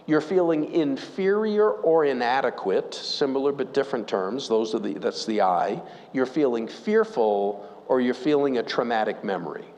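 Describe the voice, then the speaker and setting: A man's voice: medium pitch, darkish tone. A man preaching a sermon, telling a story and asking the congregation questions. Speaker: pastor. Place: church. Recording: long church reverb.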